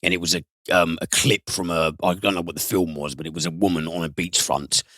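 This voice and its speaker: A man reviewing films on a podcast, animated and given to swearing and sudden high mimicry. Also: brisk, no echo, clean studio sound. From United Kingdom. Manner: animated, swears, mimics voices with big pitch jumps. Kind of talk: casual podcast film review.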